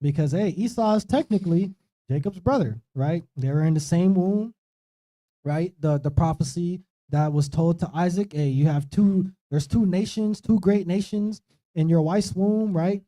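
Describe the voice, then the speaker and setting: Man teaching scripture, dark mellow voice, chatty, keeps asking "right?". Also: high voice, normal speed. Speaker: preacher. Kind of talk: informal Bible study teaching. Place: streamed church talk show.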